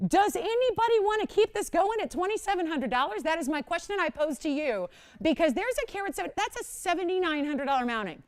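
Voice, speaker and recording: A woman's voice: very high-pitched, lively intonation, fast talker. A middle-aged woman hosting a live jewelry shopping show, chatty and self-mocking, laughing often as she talks up each piece. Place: TV shopping studio.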